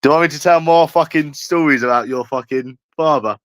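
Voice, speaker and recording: A man's voice: fairly high pitch, brisk, a bit bright, no echo. A young man with a London accent, ranting in a taunting live stream and jeering at someone over and over. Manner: mocking, repetitive jeering.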